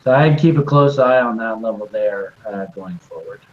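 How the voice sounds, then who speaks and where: A man's voice: lowish voice, normal speed, highs cut off. A man co-hosting an online trading show, talking casually through price charts in a chatty, hedging way that jumps between points. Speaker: co-host crypto trading commentator. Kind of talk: casual chart analysis talk.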